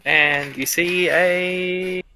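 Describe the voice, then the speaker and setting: A man's voice: high-pitched, fairly even intonation, very slow, sharp tone, rough recording. A man narrating as game master in a tabletop role-playing game, easygoing and chatty, laughing often.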